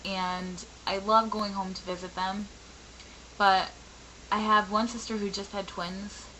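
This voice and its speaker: A woman in her twenties, a little raspy from a sore throat, talking candidly in a rambling personal vlog. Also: mid-range voice, flat delivery, measured pace, sharp tone, a little hiss or hum, rough recording. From Michigan, US. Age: 20s. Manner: candid, frustrated, rambling with many fillers. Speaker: vlogger.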